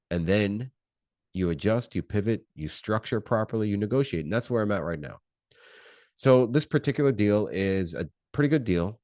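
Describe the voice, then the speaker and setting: A man with a low-pitched voice delivers an unscripted motivational talk on his own podcast. He talks in punchy, repeated phrases and keeps firing questions at the listener. The sound is dry and close, with no room around it. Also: darkish tone, no echo. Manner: punchy, repetitive, fired-up delivery with rhetorical questions. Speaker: podcast host.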